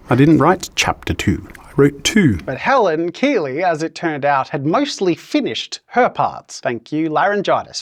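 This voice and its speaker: An Australian man in his thirties talks casually to camera, animated and self-deprecating. His voice sits a little high for a man. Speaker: author and YouTuber. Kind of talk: casual vlog talk.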